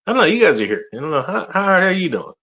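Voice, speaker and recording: A man's voice: high-pitched, big pitch swings, fast talker, bright, forceful tone, muffled recording. A man from the United States hosting a casual chat, rambling and joking with many restarts. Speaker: host.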